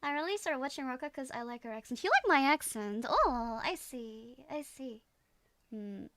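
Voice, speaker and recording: A woman's voice: high-pitched, lively intonation, normal speed, a bit bright, dry recording, studio quality. A young woman from the Netherlands with a slight Dutch accent, chatting casually and giggly as a streamer reading comments. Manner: giggly, rambling, playful.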